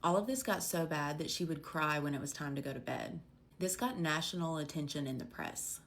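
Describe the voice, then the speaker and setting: A woman's voice: low-pitched, a little fast, fairly bright tone, slight background noise. A woman narrating a short ghost story straight to the viewer, opening and closing with questions. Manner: direct, addresses the viewer with questions.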